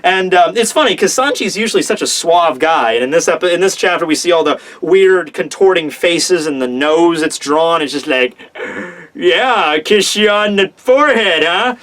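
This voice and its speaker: A young man casually reviewing a comic chapter, excitable and profane, acting out the characters' lines. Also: on the high side, moderate pace, hardly any pauses. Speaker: manga reviewer.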